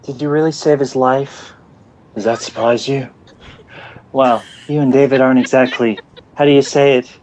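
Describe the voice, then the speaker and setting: A man's voice: mid-range voice, fairly even intonation, moderate pace, darkish tone, slight background noise, natural voice. A man doing an overacted impression of a smug, flirtatious male pirate captain. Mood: smug teasing.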